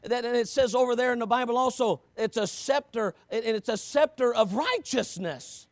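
Preaching at a normal speed in a dry recording, a man alternates hushed, low stretches with loud, shouted emphasis. Rhetorical questions come up again and again.

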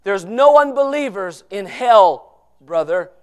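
A man preaching a sermon with fervour, moving between loud shouting and hushed pleading, quoting scripture in old-fashioned wording. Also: sits high, expressive, slow, clean tone.

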